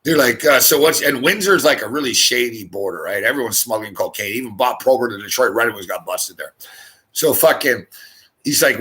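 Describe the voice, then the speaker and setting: Brief: middle-aged Canadian male host, bright forceful voice, profane storytelling rant. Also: mid-range voice. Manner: animated, swears constantly, laughs mid-story.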